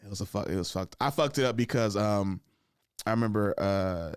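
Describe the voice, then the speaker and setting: A young man hosts a podcast and tells a rambling story, saying "I was like" over and over and acting out what other people said. He talks fast. The sound is dry and close to the mic. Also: on the low side, clean tone, dry recording. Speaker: podcast host. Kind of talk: casual storytelling.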